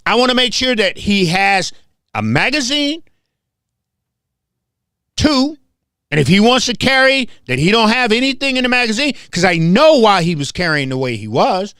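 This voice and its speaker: Hosting his own show, a Memphis man from the southern US delivers a heated, confrontational monologue, repeating points for emphasis. His high voice has a sing-song quality and wide pitch swings, with a bright, forceful, smooth tone at normal speed. The sound is dry, close, and free of echo.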